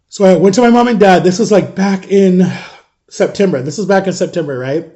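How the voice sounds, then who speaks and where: A man in his thirties talks straight to his followers in a loose, rambling storytime vlog. His voice sits high but has a soft, mellow tone. He sounds worn out and exasperated, and he swears casually as he goes. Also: fairly quick. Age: 30s. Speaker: father vlogging about parenting.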